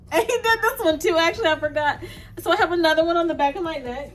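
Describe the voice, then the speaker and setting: A young woman vlogger answering viewer questions in a candid, casual chat, laughing often and dropping in quick asides. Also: very high-pitched, faint music behind.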